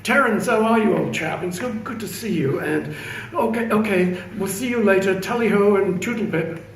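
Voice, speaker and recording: A man doing a jovial, hammy fake-posh English boss, high and bouncing well above a normal speaking voice. The voice booms out in an echoey room, picked up from a distance. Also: sing-song, moderate pace, darkish tone, a little hiss or hum. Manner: hammy fake upper-class bluster. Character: hearty male manager mimicking a posh Englishman.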